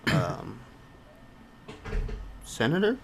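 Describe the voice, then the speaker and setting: A man's voice: medium pitch, huge pitch swings, drawn-out words, creaky, slight background noise. A young man from Wyoming in a casual podcast chat, easygoing and sharing trivia.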